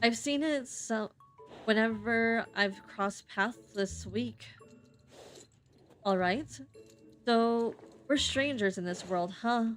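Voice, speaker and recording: A woman's voice: on the high side, faint music behind. A woman streamer reading game narration aloud, stumbling over words and restarting often. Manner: halting reading with frequent slips and restarts.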